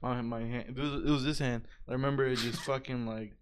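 A young man with a smooth, resonant voice tells stories in a loose, casual way. He swears a lot and keeps saying bro. He sounds laid-back and unhurried. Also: medium pitch, steady tone. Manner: laid-back, profane, says bro often. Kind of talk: casual storytelling chat.

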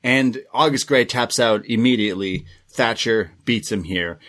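A man co-hosting a podcast, recapping events in a relaxed, rambling play-by-play with plenty of fillers. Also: mid-range voice, a little slow. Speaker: podcast co-host. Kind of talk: casual recap chat.

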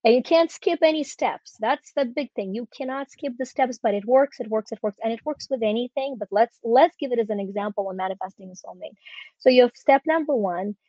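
A woman's voice: a little high, fairly quick, warm tone, no echo. Enthusiastic woman coach, lo-fi sound. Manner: enthusiastic, emphatic step-by-step teaching. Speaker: guest coach. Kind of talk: podcast conversation.

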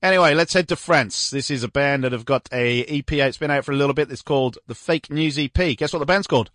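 A man's voice: mid-range voice, fast talker, fairly bright tone, no echo. A man hosting a radio show from a studio, chatting casually with rambling, jokey asides between tracks.

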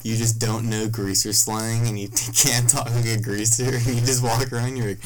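A man's voice: medium pitch, little pitch movement, moderate pace, hardly any pauses, poor audio. A young man hosting a casual podcast, telling rambling stories and swearing a lot. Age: young adult. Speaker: podcast host.

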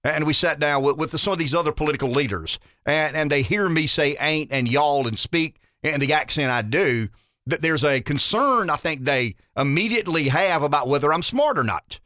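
A man's voice: fairly high pitch, animated, normal speed, sharp tone, no room sound, studio quality. A man with a rural Southern US accent hosting a talk radio show, speaking in an emphatic, folksy way and repeating words as he builds his points. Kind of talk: opinionated talk radio commentary.

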